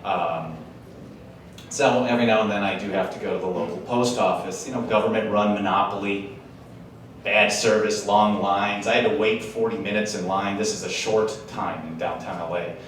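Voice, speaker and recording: Speaking at a moderate pace in a steady, fairly bright voice on the low side, a conference speaker from Wisconsin, USA jokes casually with a live crowd, sprinkling in slangy asides. The mic sounds distant in the echoey hall, with a little hiss or hum.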